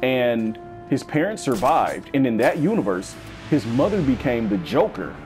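Man, gaming commentary, slangy, very expressive pitch, music bed. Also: normal speed. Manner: animated, slangy, swings into high-pitched bits and deep growls. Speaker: gaming YouTuber. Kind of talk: casual let's-play commentary.

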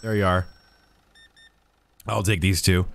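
A man's voice: low voice, level tone, takes it slowly, vocal fry, a bit bright. A man streaming a game, chatting playfully with in-game customers as if he were a cheerful cashier. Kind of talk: casual gameplay commentary.

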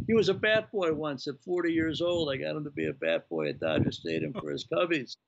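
Gravelly guy in his 60s spinning a long story over a dull lo-fi video call, slightly high voice. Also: fairly quick, few pauses. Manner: animated anecdote-teller, acting out quoted dialogue. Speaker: guest, former baseball executive. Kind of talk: storytelling in a remote interview.

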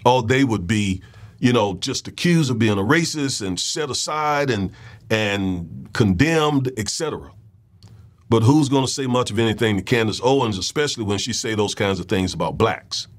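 A man's voice: on the low side, lively intonation, moderate pace. A man hosting a political commentary show, talking in a loose conversational monologue, often repeating words and checking in with his listeners.

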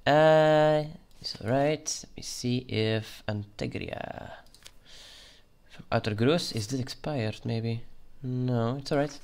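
A man's voice: medium pitch, takes it slowly, a little mellow, clear, resonant tone. A man commenting on his gameplay, playing a border guard in a playful put-on Russian-style voice and muttering as he reads documents. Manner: mutters while reading documents. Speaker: gaming channel host. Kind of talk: let's play commentary.

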